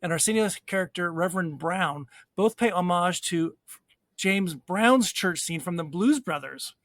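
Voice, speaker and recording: Higher-voiced man sharing movie trivia. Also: expressive, moderate pace, a bit bright, no echo, clean studio sound. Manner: reads out movie trivia, amused reactions. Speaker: podcast co-host. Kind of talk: casual movie chat over drinks.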